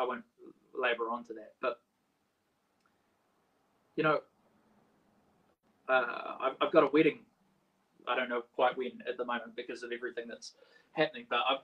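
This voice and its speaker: A man preaching a sermon in a casual, halting way, restarting often and swinging between quiet and loud. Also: mid-range voice, dull audio. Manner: halting, with many restarts and a wide swing in loudness. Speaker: pastor.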